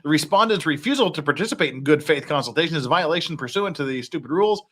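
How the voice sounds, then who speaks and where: A man's voice: fairly high pitch, expressive, fast talker, fairly bright tone, breathy edge. A man hosting a casual legal-commentary podcast, reading court filings aloud with wry, joking asides. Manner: wry, reads documents aloud with jokey asides.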